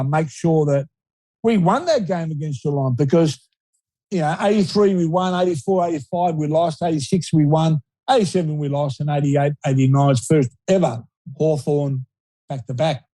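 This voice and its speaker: A man's voice: a little high, moderate pace, warm tone, dry recording, poor audio. A man in his sixties with an Australian accent, a retired footballer telling stories in a casual, rambling interview style. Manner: rambling, repeats words, laughs easily.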